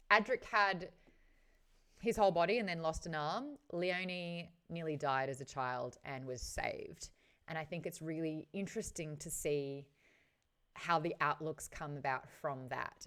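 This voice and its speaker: A woman's voice: low voice, clear, resonant tone. A woman hosting a casual book discussion, chatting frankly with her live viewers and swearing now and then. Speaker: host of a book chat show.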